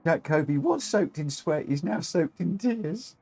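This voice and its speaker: A man giving excitable, giggly live commentary as host of a gaming livestream, chatting to viewers from a home setup on a desk mic. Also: a little high, measured pace, husky.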